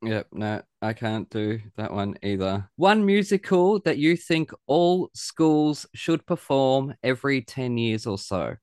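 A bubbly, chatty man hosts a casual podcast interview, his mid-range voice bouncing along at a lively clip. The recording is dry and close, with no room sound around him. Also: mid-range voice, takes it slowly, few pauses, clean tone, dry recording. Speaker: podcast host.

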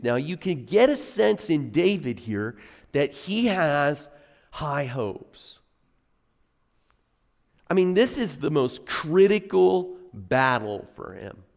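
A man's voice: on the high side, gravelly. A middle-aged man preaching a sermon as pastor, telling stories in a conversational way and leaning hard on key words. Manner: conversational storytelling, animated emphasis. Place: church sanctuary. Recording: long reverb of a church hall.

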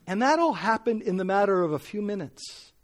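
A man's voice: high voice, big pitch swings, brisk. Earnest man preaching a sermon. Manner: earnest, rising to emphatic when reading scripture. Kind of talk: sermon with personal story.

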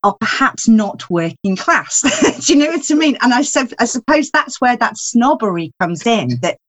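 A woman's voice: on the high side, big pitch swings, moderate pace. A woman writer, a guest in a casual discussion, thinking aloud in a reflective way with many asides. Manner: reflective, thinks aloud, frequent "you know".

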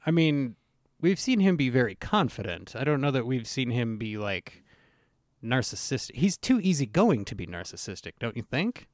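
Male podcast host, casual chat, mid-pitched voice, dry close sound. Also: big pitch swings, normal speed, no echo. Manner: reads listener comments aloud.

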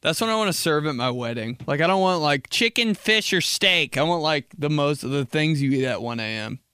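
A man's voice: fairly high pitch, animated, a little fast, pushed and bright, smooth, dry recording, studio quality. A young man hosting a casual solo podcast, rambling and joking, saying like a lot. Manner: rambling, jokey, says like a lot. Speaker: podcast host.

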